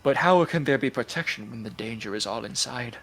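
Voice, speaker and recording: A man voicing a weary male villager farmer, speaking quietly and worriedly. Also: mid-range voice, lively intonation, fairly quick, gravelly, faint music behind, pitched below the performer's own voice.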